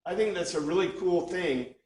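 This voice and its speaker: A man's voice: high-pitched, normal speed, darkish tone, slight background noise. A man teaching an informal Bible class, thinking aloud with frequent restarts. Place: classroom with a small group. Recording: echoey room, speaker far from mic.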